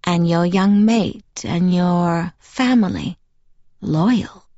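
A woman doing a silky, slow-talking ancient vampire lord. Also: lowish voice, animated, dry recording, highs cut off. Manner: slow, caressing and affectionate. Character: smooth, silky ancient male vampire leader.

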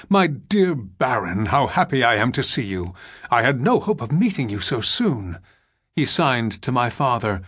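Man narrating a gothic tale. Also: medium pitch. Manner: measured, expressive storytelling. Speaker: audiobook narrator. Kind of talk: scripted narration.

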